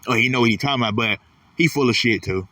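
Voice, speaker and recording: A man's voice: medium pitch, fast talker, pushed and bright, dry recording, recorded from a distance. A man delivering a blunt, profane, repetitive casual ranting monologue as host of his own channel.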